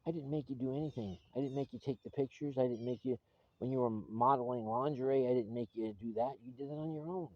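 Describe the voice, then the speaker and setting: A man's voice: mid-range voice, expressive, fast, creaky, highs cut off. A man recording a personal video message to his estranged wife, earnest and pleading, often restarting his sentences.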